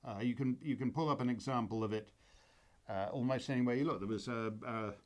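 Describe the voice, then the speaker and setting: A man's voice: mid-range voice, brisk, a little mellow. A man hosting his own commentary show, talking off the cuff in a rambling, wry way with many fillers and restarts. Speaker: host. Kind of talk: casual spoken commentary.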